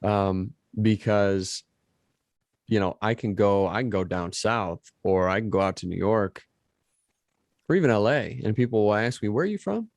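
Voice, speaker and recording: A man with a Midwestern American accent hosting a casual podcast conversation, chatty, laughing easily and tossing in quick asides. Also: on the low side, fairly even intonation, a little mellow, no room sound. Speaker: podcast host.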